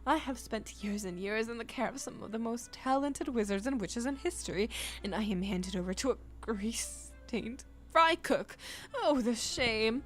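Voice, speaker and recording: A woman's voice: a little high, expressive, moderate pace, faint music behind, lightly acted. A woman voicing a haughty, grandiose male talking spellbook in a game, indignant and old-fashioned in phrasing. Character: pompous haughty male magic talking book. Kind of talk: reading game dialogue aloud.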